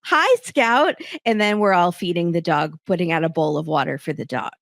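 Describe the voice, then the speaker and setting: A woman hosting a casual chat podcast, retelling scenes and acting out the quotes with lively, higher voices. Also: fast talker, creaky, dry recording, clean studio sound. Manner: animated, acts out quotes in bright higher voices. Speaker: podcast host.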